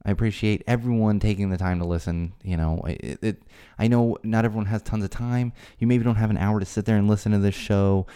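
Male podcast host, lowish mellow voice, exasperated rants that jump up in pitch. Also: steady tone, a little fast, few pauses, smooth. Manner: exasperated ranting, voice climbing high when worked up. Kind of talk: solo podcast rant. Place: home studio.

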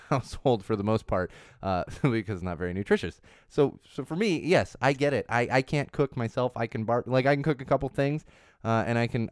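A man's voice: medium pitch, clear, resonant tone, no echo, studio quality. Chatty man in his thirties, rambling. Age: 30s. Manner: chatty, rambling, self-correcting with frequent restarts. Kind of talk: casual chat on social trends.

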